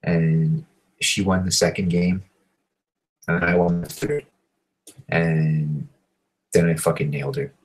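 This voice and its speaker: A man telling a crude, rambling story, swearing constantly and filling every pause. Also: low voice, level tone, husky, rough recording. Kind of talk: profane storytelling monologue.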